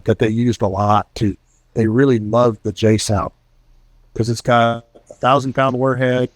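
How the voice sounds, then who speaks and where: A man's voice: lowish voice, a little mellow, no echo. Middle-aged guy telling old pilot war stories, does the voices, dry sound no room. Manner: storytelling, acts out quoted voices. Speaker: retired military pilot and author. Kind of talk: casual war stories to an audience.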